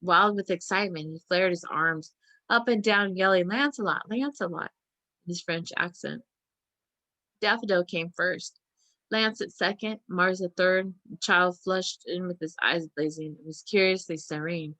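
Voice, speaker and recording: A woman reading a short story aloud in a steady, plain narration. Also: fairly low pitch, a little slow, no room sound. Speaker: reader.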